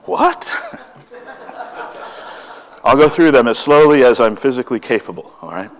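A man preaching a sermon, talking quickly and with excitement, often asking his listeners rhetorical questions. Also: mid-range voice.

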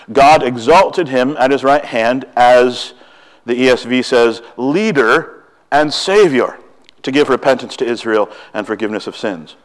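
Male preacher with a mid-range voice, quick and animated, full of rhetorical questions. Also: mid-range voice. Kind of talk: sermon.

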